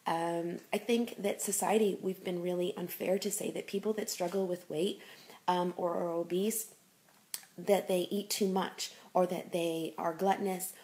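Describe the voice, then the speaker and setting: Encouraging woman life coach, halting. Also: lowish voice, a little mellow. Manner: encouraging, frequent ums and you-knows. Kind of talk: motivational talk.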